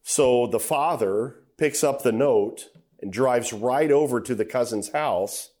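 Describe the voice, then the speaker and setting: Man preaching a storytelling sermon. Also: slow. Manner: storytelling with acted quotes, rising to loud emphatic high passages.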